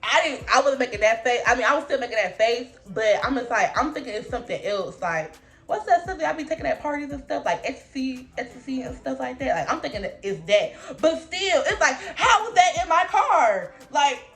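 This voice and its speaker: A young woman vlogger telling a personal story in a casual, slangy, animated way, laughing often as she talks. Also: fairly high pitch, brisk, soft background music.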